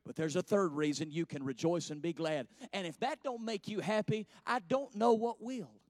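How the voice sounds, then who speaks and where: A man's voice: high-pitched, moderate pace, a little mellow, no room sound, studio quality. A man, preaching a sermon in a church with folksy storytelling that rises to fervent passages.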